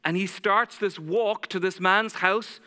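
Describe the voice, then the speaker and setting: A man's voice: high voice, steady tone, measured pace, pushed and bright, clear, resonant tone, big-room sound. A man preaching a sermon as pastor, telling stories dramatically and acting out the voices of the people in them.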